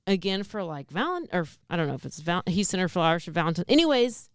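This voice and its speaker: Chatty woman, smooth dry voice. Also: lowish voice, sing-song, quick pace, no echo. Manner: chatty storyteller, acts out quoted lines. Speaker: podcast co-host. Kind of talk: casual true-crime podcast chat.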